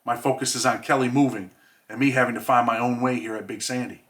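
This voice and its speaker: Bright-voiced man reading his memoir. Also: mid-range voice, fairly even intonation. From New York. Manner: measured, reflective. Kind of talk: audiobook reading.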